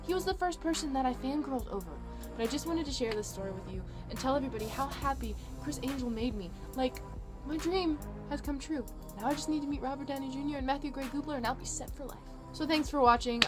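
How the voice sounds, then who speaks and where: A woman in her twenties telling a story to camera as a vlogger, gushing and bubbly, repeating words for emphasis. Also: high-pitched. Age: 20s.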